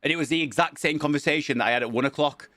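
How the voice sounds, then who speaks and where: A man, a streamer casually telling a long story and acting out the dialogue with lively energy. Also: a little high, racing, dry recording, studio quality. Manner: animated, acts out quoted dialogue.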